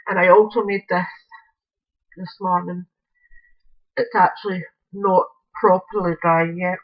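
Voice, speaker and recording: Slow-talking woman in a crafting vlog. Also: medium pitch, dull audio. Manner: chatty, rambling, with frequent fillers and restarts. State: chewing gum. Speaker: craft video maker. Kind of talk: casual crafting show-and-tell.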